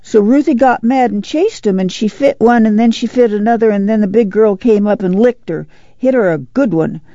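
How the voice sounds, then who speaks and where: A man's voice: high voice, unhurried, vocal fry, mellow, no echo, highs cut off. A man reading aloud voices an eager young country boy who tumbles through his story. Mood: breathless.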